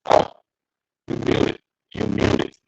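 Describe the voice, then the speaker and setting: A man on a casual voice call, slow and slangy, his voice coming through distorted and robotic. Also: a little hiss or hum. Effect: robotic distorted call audio. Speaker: guest caller. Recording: muffled robotic lo-fi call audio.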